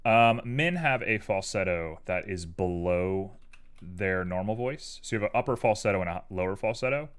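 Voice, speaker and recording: A man's voice: on the low side, expressive, moderate pace, smooth. A man live-streaming his 3D art work, chatting casually and playfully with viewers while he works. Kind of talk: casual chat while working.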